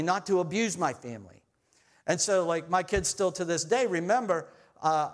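In a voice that sits high, a middle-aged pastor gives a sermon, telling family stories as if in conversation. He alternates loud exhortation with soft, tender asides.

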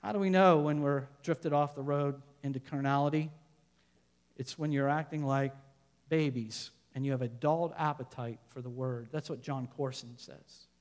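A man preaching a sermon as a pastor, building to loud emphatic points and then dropping to quiet asides. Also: mid-range voice, fairly even intonation, moderate pace, in a large hall.

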